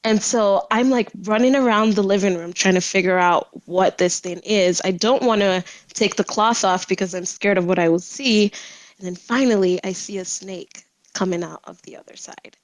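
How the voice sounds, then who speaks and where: A young woman, a podcast guest, telling a story in a casual way, animated and laughing often as she talks. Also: medium pitch, moderate pace, dry recording, rough recording.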